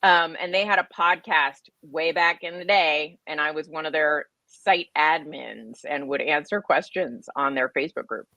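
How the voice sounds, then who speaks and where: Woman, bright forceful voice, slightly low, chatty livestream guest. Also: moderate pace, few pauses, no echo, dull audio. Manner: chatty, laughs often. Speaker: guest, keto author and podcaster. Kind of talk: casual livestream interview.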